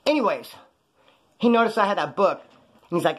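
A former prisoner telling stories about prison life in a blunt, rambling, profane way. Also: male voice, high voice, animated, a little fast. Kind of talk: casual storytelling monologue.

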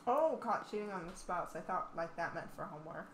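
A woman's voice: lowish voice, animated, brisk, echoey room, a little hiss or hum. A young woman in casual gameplay commentary, chatting and teasing at the game characters as she plays. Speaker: gaming channel host.

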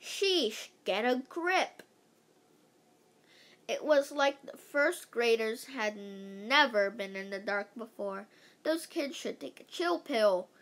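Bright, slow woman reading a kids' book. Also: on the high side. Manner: lively, with slips and restarts. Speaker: read-aloud host. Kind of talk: reading a children's chapter book aloud.

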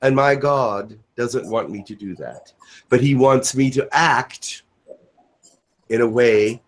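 A man channeling spirit Elijah, slow preaching. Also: medium pitch, pitched below the performer's own voice. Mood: earnest. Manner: slow, preaching cadence with dramatic pauses. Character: Elijah, a male spirit giving a solemn message.

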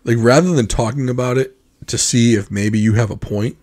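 An American man co-hosts a podcast in a casual chat, speaking at a normal speed with a medium-pitched voice. He's an animated storyteller who acts out other people's reactions as he goes.

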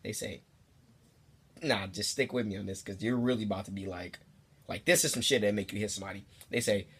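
A young man telling a comedic story to the camera in a casual, profane, rambling way, sometimes jumping into high squeaky voices for the people in it. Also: brisk, fairly bright tone, husky. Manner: profane, rambling asides to the viewer. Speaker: storytime vlogger.

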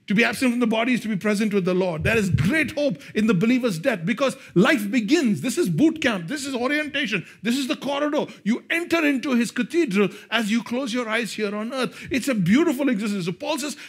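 A male pastor preaching a sermon, swinging between hushed, slow lines and loud, excited bursts. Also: extremely high pitch, breathy edge.

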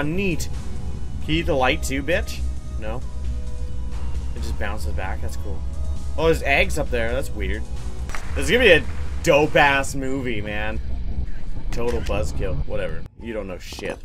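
A man's voice: medium pitch, expressive, unhurried, pauses often, fairly bright tone. A man giving casual, profane, joking commentary while playing a strange video game. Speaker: let's play host. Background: game music.

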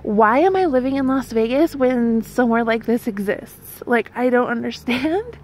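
A woman's voice: on the high side, animated, normal speed, a little mellow. A young woman vlogging outdoors, tearful and gushing, laughing through her crying as she talks. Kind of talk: emotional casual vlog. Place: outdoors at a roadside scenic spot.

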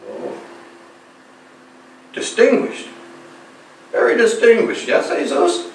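A man playing a melodramatic, lovesick Spanish gentleman with a Spanish accent in an amateur stage comedy, speaking theatrically. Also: extremely high pitch, lively intonation, takes it slowly, slight background noise, full character voice. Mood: flirty. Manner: theatrical, lingering sighs and flirty asides. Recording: echoey hall, stage mic far off.

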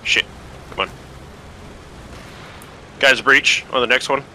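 A man in a gaming squad's voice chat, giving quick, blunt callouts and cursing at enemies. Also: mid-range voice, fairly even intonation, bright, forceful tone, slight background noise, low-quality recording. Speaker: squad mate.

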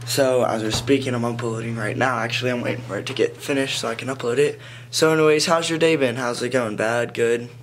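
This teenage boy's casual vlog to a handheld camera wanders from thought to thought, tied together by repeated "anyways." He speaks a little fast in a mid-range voice with fairly even intonation, partly outdoors in the wind. The recording is low quality, with a little hiss or hum.

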